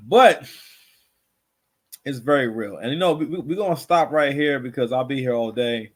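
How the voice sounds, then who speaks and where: A man's voice: mid-range voice, moderate pace. A man hosting a casual reaction commentary show, rambling and repeating himself with constant filler phrases.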